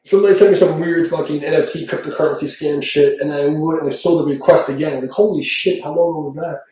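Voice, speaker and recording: A man's voice: on the high side, steady tone, fast talker, warm tone. A man chatting casually and profanely on a live stream as a tarot reader, rambling and laughing often. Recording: very echoey room, mic far off.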